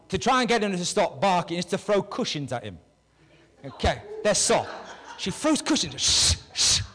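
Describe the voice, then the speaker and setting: A male pastor preaching a sermon to his congregation, animated, swinging between loud calls and hushed words. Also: sits high, long reverb tail, rough recording. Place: church hall with a congregation.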